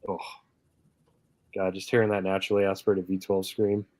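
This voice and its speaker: Low-voiced laughing stream host. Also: male voice, monotone, brisk, mellow, dry recording. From Canada. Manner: laughs often, reads chat comments aloud. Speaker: livestream host. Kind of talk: casual live chat.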